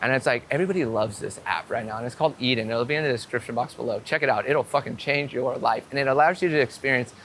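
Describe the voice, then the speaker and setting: A man telling a story to camera outdoors in a casual, excitable way, swearing and acting out what people said. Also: mid-range voice, quick pace, few pauses, a little hiss or hum. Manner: excitable, swearing storyteller with many "I'm like" quotes. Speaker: vlogger. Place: outdoors on a city street.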